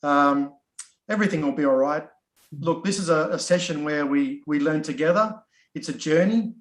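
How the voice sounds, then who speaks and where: A man's voice: a little high, moderate pace, roomy sound, poor audio. A middle-aged man with an Australian accent introducing himself in an easygoing, chatty way on an online course, full of ums and restarts. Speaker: course facilitator. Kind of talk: casual self-introduction in an online session.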